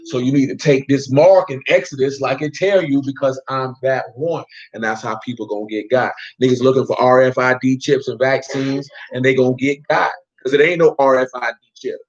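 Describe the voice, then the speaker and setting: A man's voice: mid-range voice, steady tone, brisk, few pauses, highs cut off. A man teaching an informal Bible study, talking in slang and quizzing listeners by name. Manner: slangy, street-talk preaching.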